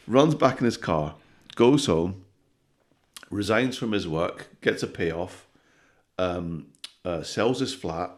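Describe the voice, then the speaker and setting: A man with a very low voice tells jokes in a relaxed podcast conversation. He talks in an animated, sweary way and keeps tagging his lines with "right?". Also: slow pace. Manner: animated storytelling, sweary, with frequent "right?" tags. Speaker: comedian guest. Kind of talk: casual podcast chat, telling jokes.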